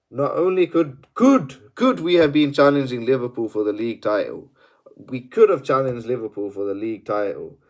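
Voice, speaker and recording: A man ranting through a post-match analysis as a fan channel host, exasperated, swearing and repeating himself. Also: medium pitch.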